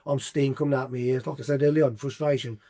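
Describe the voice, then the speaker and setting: A man in his sixties with a Black Country accent, a podcast guest telling lively sweary anecdotes with sound effects. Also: medium pitch, fast talker. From English Black Country. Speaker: podcast guest, former footballer. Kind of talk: casual storytelling.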